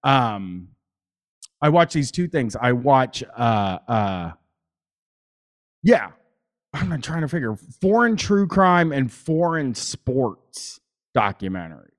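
A man's voice: mid-range voice, big pitch swings, slow pace, pauses often. A man podcaster talking as a guest in casual chat, rambling, swearing freely and using many fillers.

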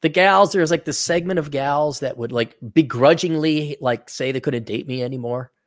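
An American man hosting a casual podcast chat, talking in an animated, joking way with quick asides. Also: fairly high pitch. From United States. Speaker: podcast host.

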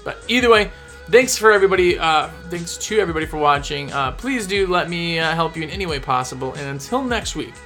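A man, chatting casually to viewers as a sales rep and pushing his own pitch. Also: expressive, fast talker, bright, forceful tone, faint music behind. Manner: chatty, pushy, repeats himself for emphasis. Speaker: window cleaning product sales rep.

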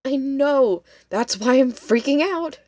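A woman's voice: mid-range voice, expressive, a little slow, darkish tone, no echo, studio quality. A woman voicing a young female college student who is rattled and insistent. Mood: recounting. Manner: shaken, insistent.

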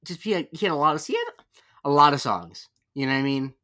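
A man's voice: on the high side, lively intonation, fast talker, sharp tone. A man co-hosting a podcast, recapping a TV episode in casual, rambling chat full of fillers and self-corrections. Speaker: podcast co-host.

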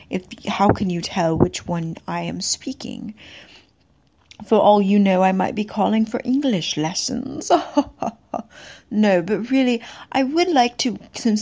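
A woman voicing an overeager caller faking a French accent, loud and exaggerated, dragging her words. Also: medium pitch. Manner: loud, exaggerated, slowed-down speech.

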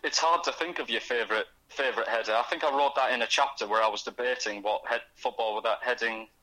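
Bright-voiced young man. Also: medium pitch, low-quality recording. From North East England. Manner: halting, many restarts, acts out quoted voices. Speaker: guest author. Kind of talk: casual radio interview. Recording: radio studio.

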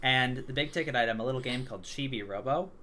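A man's voice: mid-range voice, fast, bright, forceful tone. A young man co-hosting a podcast in casual chat, telling stories loosely with lots of filler words. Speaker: podcast co-host. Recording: faint background noise.

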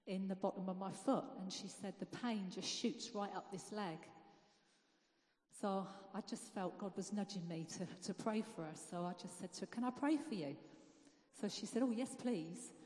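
A woman's voice: mid-range voice, darkish tone. A woman giving a casual church testimony, telling the story chattily and quoting others along the way. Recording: echoey hall, live church mic.

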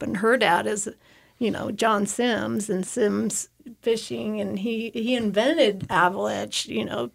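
An American woman, an avalanche survivor, speaks at length and with feeling as an interview guest in a studio. Her mid-range voice is creaky with a breathy edge. She rambles through her emotional personal story with restarts and repeated words.

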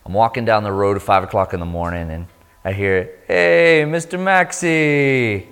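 A man shares a sermon testimony in an animated storytelling way, jumping up high when he acts out other people. His voice sits a little low, and the sound carries the long reverb of a large hall. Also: fast talker, clean tone.

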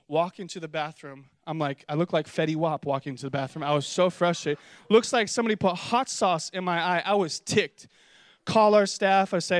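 Lively young male pastor, high voice. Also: a little fast, dry recording, studio quality. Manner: animated, playful, jumps into high excited voices for quotes. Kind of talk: sermon with comic storytelling. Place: church auditorium with congregation.

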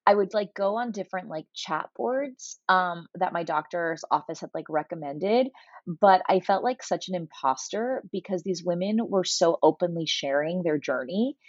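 Husky low-voiced woman in her forties. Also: moderate pace, dry recording, dull audio. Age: 40s. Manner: chatty, animated storytelling with many fillers. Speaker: guest. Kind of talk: casual conversational interview.

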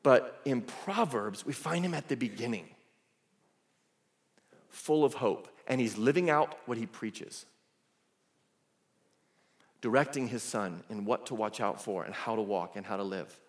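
A male pastor delivering a sermon, telling the story in a lively, casual way with asides. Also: medium pitch, unhurried, long pauses. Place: church sanctuary. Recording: echoey church hall.

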